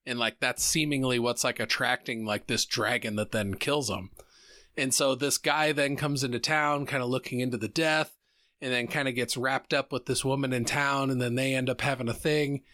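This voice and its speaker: A man in casual podcast chat, telling stories with lots of swearing and animated retelling. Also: medium pitch, normal speed, no echo, clean studio sound. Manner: profane, animated storytelling. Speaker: podcast co-host.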